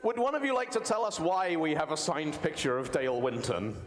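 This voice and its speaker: Playful man hosting an awards show. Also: fairly high pitch. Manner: playful, quick-witted emcee. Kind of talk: live award announcing. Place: large indoor museum event hall. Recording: echoey hall with faint noise.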